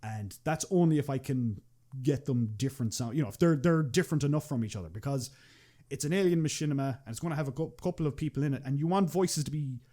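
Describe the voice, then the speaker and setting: Fast and warm in tone, a medium-pitched young Irishman chats casually as a guest on a podcast. The machinima creator rambles along, restarting a lot, dropping fillers and swearing freely.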